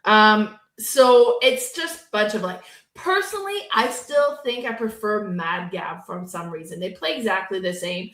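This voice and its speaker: A woman with a strong, loud voice chats casually as co-host of a board game podcast. Her voice rings out in a roomy, echoing space. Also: medium pitch, expressive, unhurried. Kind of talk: casual chat about board games. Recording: roomy echo.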